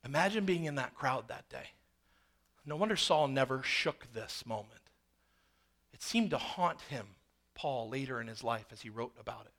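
A man preaching a sermon, dramatic, swinging from hushed, slow passages to loud, intense ones. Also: medium pitch, expressive.

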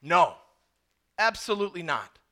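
A man's voice: high voice, very animated, a little slow, sharp tone, heavily acted. A man preacher acting out Peter as an impulsive disciple who protests emphatically. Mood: protesting. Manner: emphatic and insistent.

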